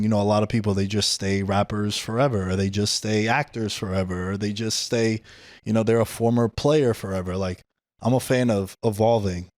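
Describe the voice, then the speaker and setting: A man's voice: fairly low pitch, fairly even intonation, brisk, darkish tone, no room sound, studio quality. A man with a New York accent, hosting a podcast and telling a story in casual, slangy talk, swearing freely. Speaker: podcast host. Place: podcast studio.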